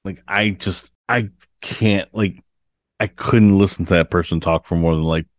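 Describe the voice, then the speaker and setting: Low-voiced man, dry and blunt. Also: steady tone, unhurried, no echo. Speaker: podcast co-host. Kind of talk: casual chat.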